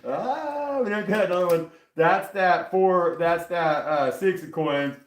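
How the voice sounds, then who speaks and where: A man giving a casual live tarot reading, profane, rambling and excitable, talking from a table. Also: high voice, a little slow, a little hiss or hum. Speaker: tarot reader on a live stream. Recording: echoey room.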